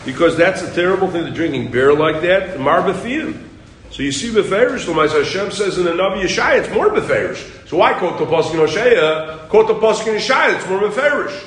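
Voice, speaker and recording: A man teaching a Talmud class, quizzing his students with quick questions and pushing them to read on. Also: high-pitched, animated, fairly bright tone, echoey room, rough recording.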